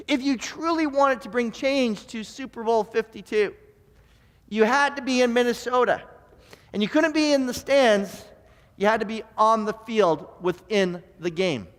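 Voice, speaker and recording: A man pastor delivering a lively sermon, telling stories with stammers and repeated words. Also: extremely high pitch, in a large hall. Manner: animated storyteller who stammers and repeats words. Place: church sanctuary.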